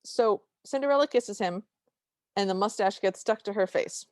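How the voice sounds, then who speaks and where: A woman hosting a podcast, chatting in an animated way and often correcting herself mid-sentence. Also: medium pitch, normal speed, no room sound, clean studio sound. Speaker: podcast host. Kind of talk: casual podcast chat.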